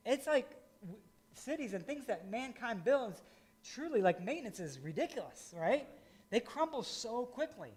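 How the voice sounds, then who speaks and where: A middle-aged man from rural Indiana preaches in a relaxed, conversational way, full of folksy asides. His voice sits notably high for a man. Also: moderate pace. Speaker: pastor. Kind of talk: sermon.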